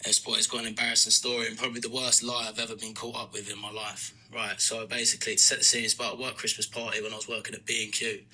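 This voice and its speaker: British male podcast host, very bright voice, comic storyteller. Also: lowish voice, fast talker, hardly any pauses, low-quality recording. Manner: lively comic storytelling with laughs. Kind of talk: reading out a listener's story.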